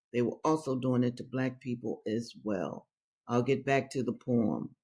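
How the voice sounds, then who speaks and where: A woman's voice: extremely low pitch, moderate pace, mellow, husky. A woman hosting a reading show, reading aloud and commenting, repeating phrases for stress and speaking straight to her listeners. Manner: addresses listeners directly as brothers and sisters. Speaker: host reading books to her audience.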